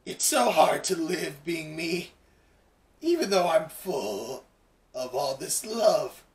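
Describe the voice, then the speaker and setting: A man reading out the lines of a lovesick knife-wielding villain girl, slow and drawn out, slightly distant from the mic. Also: fairly high pitch, big pitch swings, echoey room, voice pushed up. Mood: wistful.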